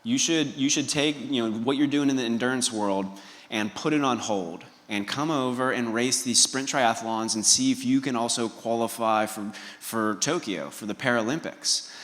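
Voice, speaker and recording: Man, motivational speaker, storytelling, asks the audience questions, mid-pitched voice, long hall reverb. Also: normal speed, a bit bright. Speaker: keynote speaker. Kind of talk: motivational talk.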